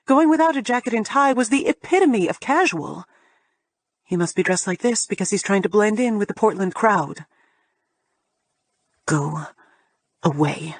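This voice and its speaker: A woman's voice: mid-range voice, no room sound. A woman narrating a first-person romance audiobook in a sardonic, profane, emphatic way.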